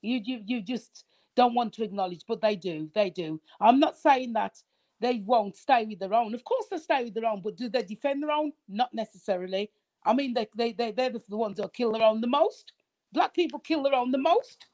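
A woman's voice: a little high, lively intonation, normal speed, darkish tone. A middle-aged woman arguing her point in a casual group debate, emphatic and insistent, repeating phrases and apologizing while refusing to back down. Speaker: discussion panelist.

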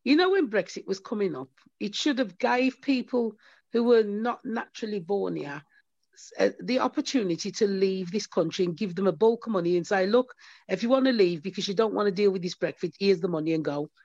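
A woman holds forth on a family podcast chat, blunt and emphatic, cutting in to make her point. Her voice sits at a middle pitch. The mic sounds dry and a little dull. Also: fairly quick, a little mellow, dry recording. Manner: blunt, emphatic, talks over others. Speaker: podcast co-host.

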